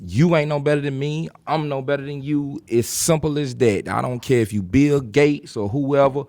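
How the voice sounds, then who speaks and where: A man's voice: medium pitch, normal speed, a little mellow, no room sound. A man speaking on a panel, emphatic and direct, repeating himself for force. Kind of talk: impassioned panel talk.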